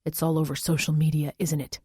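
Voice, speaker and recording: A woman's voice: low voice, little pitch movement, fast, mellow, breathy edge, no room sound, clean studio sound. A woman voicing a frustrated, defiant young father who speaks in short, clipped lines. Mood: tense, frustrated.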